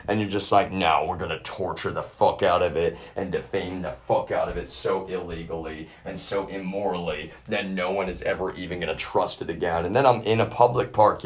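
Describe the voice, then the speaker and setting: Guy ranting on stream, kinda low voice, swearing a lot, keeps saying y'all. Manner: agitated, profane, repeatedly addresses viewers as y'all. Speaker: livestreamer. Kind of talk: emotional unscripted rant.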